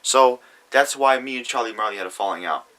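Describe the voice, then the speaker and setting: Arguing back at comments he reads aloud, a young YouTuber delivers an angry, profane vlog rant to camera. He speaks briskly in a medium-pitched, bright, forceful voice, and the recording is rough.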